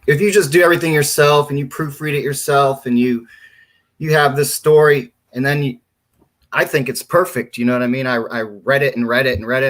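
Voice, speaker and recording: A man's voice: medium pitch, fairly bright tone. A man being interviewed as a guest author, talking in a plainspoken, hesitant way with many fillers. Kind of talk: casual interview chat.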